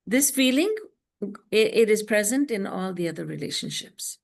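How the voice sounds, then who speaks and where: A woman spiritual teacher speaks over a video call, giving an earnest devotional lecture built around stories. Expressive and creaky at a medium pitch, she slows when reciting scripture verses.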